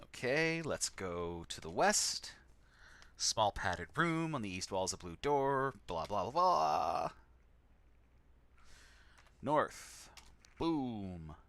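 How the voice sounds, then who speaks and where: A man's voice: medium pitch, sing-song, slow pace, fairly bright tone, no room sound. A man casually commenting on a text adventure game he plays on stream, with sarcastic, wry asides.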